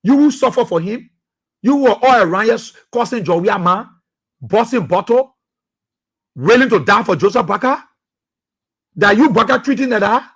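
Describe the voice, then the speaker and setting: A man with a Liberian English accent hosts a political radio talk show, delivering impassioned commentary that circles back on itself and bursts into shouts. His voice sits very high and is husky at the edges. The tone is bright and sharp. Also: moderate pace, long pauses. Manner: impassioned, preachy, repeats phrases, shouts at times.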